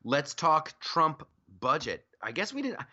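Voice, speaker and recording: Podcast guy riffing on politics, bright voice, kinda muffled lo-fi sound. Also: a little high, big pitch swings, measured pace. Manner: joking, rambling, with restarts. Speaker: podcast host. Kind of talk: casual political chat.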